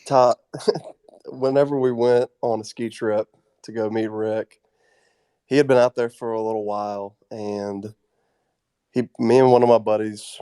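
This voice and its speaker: A young man tells a story about his older brother, pausing now and then as he finds his words. His voice is low and mellow, and it sounds dry and close, with no room around it. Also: steady tone, clean tone, no room sound. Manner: earnest, halting delivery. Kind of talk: casual storytelling.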